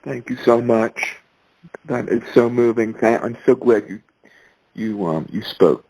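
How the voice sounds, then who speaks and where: A man's voice: medium pitch, a little slow, darkish tone, husky, lo-fi sound. A man moderating a town hall meeting, thanking speakers and inviting them back. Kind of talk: hosting an online meeting.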